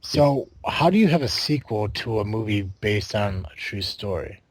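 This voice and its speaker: A man's voice: fairly low pitch, animated, moderate pace, dry recording. A man hosting a podcast in casual chat, rambling with fillers, swearing and laughing often. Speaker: podcast host.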